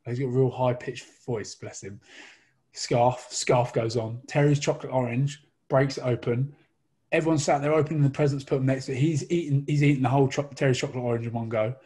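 A man's voice: medium pitch, fairly even intonation, a little fast, dark tone, husky. A man telling a long comic anecdote, rambling and laughing as he goes. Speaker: guest storyteller.

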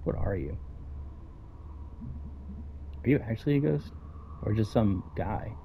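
Low-voiced man reading game dialogue aloud. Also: expressive, unhurried, creaky, dull audio, a little hiss or hum. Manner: casual, reads every character's lines himself. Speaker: let's play gamer.

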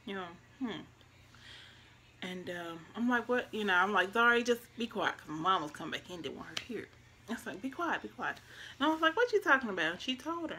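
Woman in her twenties, vlogger, bright tone, soft and reflective casual storytelling straight to camera. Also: mid-range voice, animated, a little fast, a little hiss or hum. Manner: soft-spoken, reflective, talks straight to viewers.

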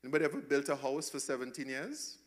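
A male pastor preaching a sermon, emphatic and repetitive, swinging between hushed and loud passages. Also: mid-range voice, fast.

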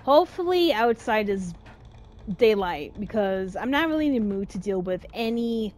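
A young adult woman hosting a gaming video, giving casual let's-play commentary and getting jumpy and loud at the game. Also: mid-range voice, normal speed. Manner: excitable, yells at the game, jumpy.

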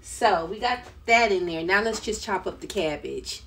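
A woman with a medium-pitched, expressive voice speaks at normal speed while hosting a casual cooking live stream from her home kitchen, chatting and laughing with viewers as she cooks. The live-stream audio is noisy and recorded from a distance.

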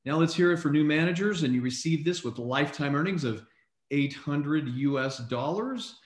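A man co-hosting a live online recognition event, reading out names in an upbeat way and often clearing his throat, speaking over a video call. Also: on the high side, moderate pace. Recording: echoey room on a video call.

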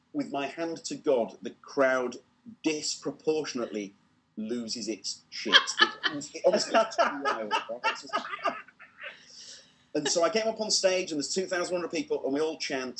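A British man telling a comedy story on an online show, lively and acting out the voices, laughing at his own tale. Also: on the high side, moderate pace.

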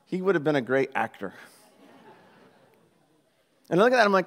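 An animated man gives a conversational sermon, joking with the congregation as he goes. His voice sits a little on the high side, and he drops into the voices of the people in his story before coming back to plain talk. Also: moderate pace, pauses often. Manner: animated, jokey, acts out quoted voices. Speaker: pastor.

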